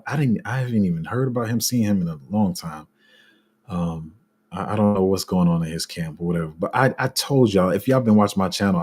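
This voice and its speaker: Crypto streamer, male, deep husky voice, blunt and fed up, lots of restarts. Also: a little mellow. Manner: frank and exasperated, heavy slang, many restarts. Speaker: crypto YouTuber reading live comments. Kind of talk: casual livestream rant.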